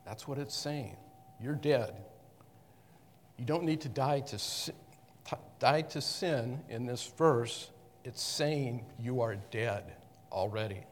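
A man teaching the Bible to a congregation in a conversational way, pausing and correcting himself often. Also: medium pitch. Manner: halting, with frequent restarts and self-corrections. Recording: long reverb of a hall.

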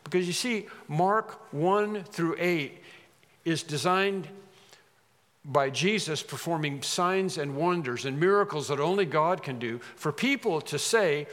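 A man preaching a sermon, animated, acting out quoted lines with rising emphasis. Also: a little high, measured pace, long reverb tail.

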